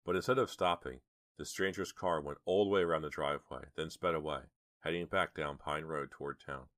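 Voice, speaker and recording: A man narrating an audiobook with measured, dramatic storytelling. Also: very deep voice, steady tone, a bit bright, no room sound, studio quality. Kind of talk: audiobook reading.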